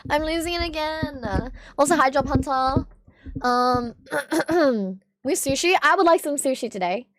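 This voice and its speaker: A young woman from Australia streaming casually with a hoarse, strained voice, chatting, swearing and reading chat aloud. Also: sits high, a little slow, crowd noise. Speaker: livestreamer.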